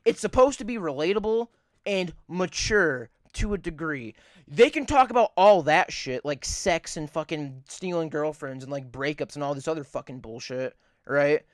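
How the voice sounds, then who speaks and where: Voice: mid-range voice, expressive, normal speed, dry recording, studio quality. A podcast co-host in casual chat, rambling and swearing a lot, repeating points for emphasis.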